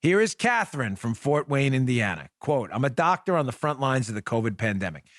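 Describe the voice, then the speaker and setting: Animated man hosting a talk podcast. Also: mid-range voice, fairly quick, no echo, clean studio sound. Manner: sarcastic mock-pleading, rambling with restarts. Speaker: podcast host. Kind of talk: animated political talk show monologue. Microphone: studio microphone.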